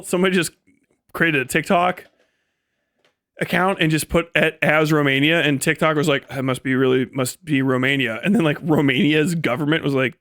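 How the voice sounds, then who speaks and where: A man's voice: fairly high pitch, a bit bright, no echo, studio quality. Laid-back swearing man streaming live. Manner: laid-back, swears a lot, laughs often. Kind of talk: casual livestream chat.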